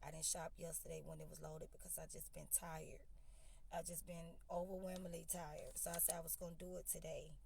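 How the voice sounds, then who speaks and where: A woman's voice: low-pitched, flat delivery, fairly quick, vocal fry, darkish tone, slight background noise. A woman venting in a casual vlog, blunt and swearing, talking to viewers as y'all. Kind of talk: casual phone vlog rant.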